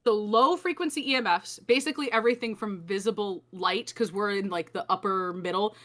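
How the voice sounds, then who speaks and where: A woman's voice: mid-range voice, a little fast. A young adult woman co-hosting a casual comedic podcast, sarcastic and swearing, often laughing mid-sentence. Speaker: podcast co-host.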